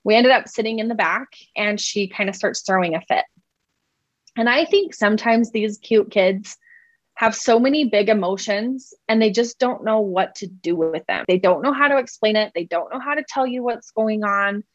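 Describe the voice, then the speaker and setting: A woman's voice: mid-range voice, normal speed, no room sound. A woman in her thirties, a mother telling a personal parenting story in a conversational way, often saying "like" and "right?". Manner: conversational, heavy use of "like" and "right?". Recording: dull, slightly muffled sound.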